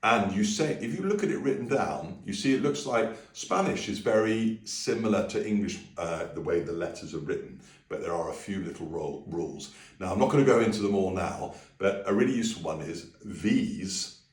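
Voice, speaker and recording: Man, music lesson, low voice, lively pitch, roomy and off mic. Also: moderate pace, far from the mic. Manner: sings phrases high to demonstrate. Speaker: music teacher. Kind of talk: singing lesson video.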